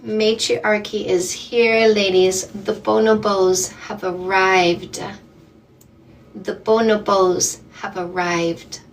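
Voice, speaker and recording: Slow, emphatic woman coaching live. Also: medium pitch, level tone, recorded from a distance, a little hiss or hum. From Canada. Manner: slow, emphatic, encouraging, calls people "my love" and "ladies". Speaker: dating coach hosting a live stream. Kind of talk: casual live-stream chat with callers.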